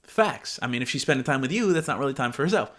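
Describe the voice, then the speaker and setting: A man's voice: mid-range voice, lively intonation, quick pace, fairly bright tone. A young man from Michigan giving reaction commentary on text messages in an incredulous, exclaiming manner. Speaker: YouTuber.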